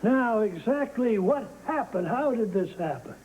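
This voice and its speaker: An actor playing a brisk, commanding small-town doctor in a soap opera. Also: male voice, high-pitched, expressive, a little mellow, a little hiss or hum, poor audio. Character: brisk male country doctor.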